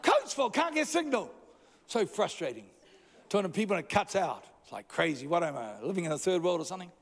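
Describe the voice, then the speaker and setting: A woman's voice: on the low side, expressive, fast talker. An older woman preaching a sermon, joking with the congregation before turning emphatic. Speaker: pastor. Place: church auditorium. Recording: long reverb in a large church.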